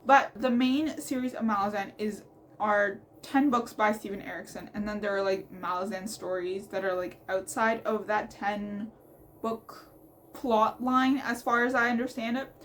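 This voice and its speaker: A young woman book vlogger chatting casually and excitedly about her reading, rambling and laughing as she goes. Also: medium pitch, moderate pace, slight background noise. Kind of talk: casual chat.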